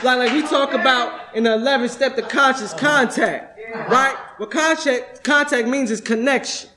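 Young guy talking at a recovery convention, high voice, swears a lot, keeps saying right?. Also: moderate pace, crowd noise. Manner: streetwise, profane, peppers with "right?". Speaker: workshop speaker at a recovery convention. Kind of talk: testimony-style workshop talk. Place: convention room.

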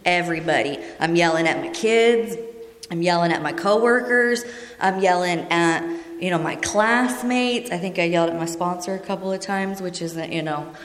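A woman's voice: lowish voice, normal speed. Earnest woman sharing in an echoey hall. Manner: conversational, earnest, asks the room questions. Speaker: speaker sharing at a recovery meeting. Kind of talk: personal testimony to a group. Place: meeting room.

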